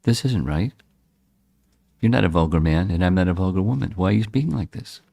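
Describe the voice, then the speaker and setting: Sita, an indignant wronged queen, read by a male speaker with a low voice. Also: a little fast, creaky, dark tone. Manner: pleading, reproachful questions.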